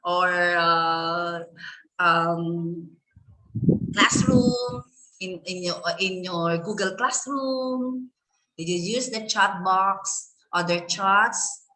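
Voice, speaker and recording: A woman's voice: on the low side, steady tone, very slow, bright, forceful tone, poor audio. A woman with a Filipino accent giving a conference lecture to teachers, firing rhetorical questions and dropping frequent "okay"s. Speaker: teacher trainer.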